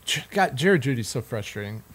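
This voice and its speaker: A man's voice: medium pitch, very animated, brisk, a bit bright, breathy edge. A young man co-hosting a casual sports podcast, exasperated and profane, laughing often. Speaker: podcast co-host.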